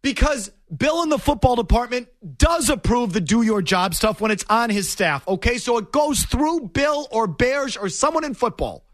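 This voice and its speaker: Emphatic, animated man arguing a point. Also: extremely high pitch, moderate pace, few pauses, no echo, clean studio sound. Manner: emphatic, repetitive, argumentative. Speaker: sports talk host. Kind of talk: opinionated sports talk.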